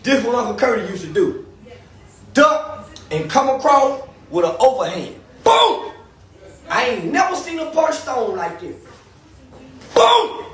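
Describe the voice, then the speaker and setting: A man telling profane stories in an animated, ranting monologue with loud outbursts. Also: very high-pitched, normal speed, reverberant. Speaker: commentator.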